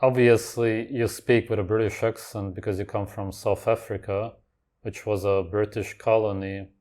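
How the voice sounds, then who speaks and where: A man with a lowish voice delivers blunt, contrarian commentary as a reaction host. His tone is flat-out dismissive as he picks apart what he hears. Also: normal speed. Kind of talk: commentary over clips.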